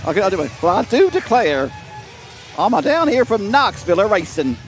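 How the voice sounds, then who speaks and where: A man's voice: high-pitched, very animated, normal speed, faint music behind, voice pushed up. A British man putting on an exaggerated Southern American drawl, playing a blustering landowner. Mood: hammy. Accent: put-on American Southern.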